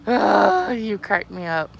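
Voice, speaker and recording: A young woman reads livestream comments slowly in a medium-pitched, youthful, childlike voice with vocal fry. The chat is casual, and she's animated, giggling and laughing often.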